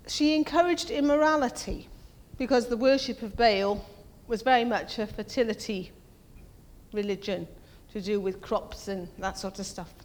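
A woman preaching a conversational sermon, asking her congregation questions and acting out quoted voices. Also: darkish tone. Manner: acts out quoted voices in a higher pitch. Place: church. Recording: long reverb of a church hall.

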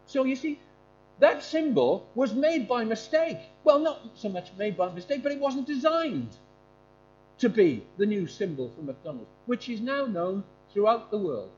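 A man's voice: high voice, sing-song, unhurried, a little mellow. A man giving an informal sermon to a congregation, animatedly quizzing his listeners. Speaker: preacher giving a talk to a congregation. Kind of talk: informal sermon with questions to the audience. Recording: dull lo-fi with faint hum.

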